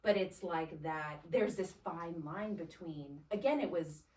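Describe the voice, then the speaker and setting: A woman's voice: lowish voice, a little slow, darkish tone. A woman in casual chat, telling a story with energy, often acting out both sides of an exchange and ending her points with a questioning "right?". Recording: roomy sound from a distant mic.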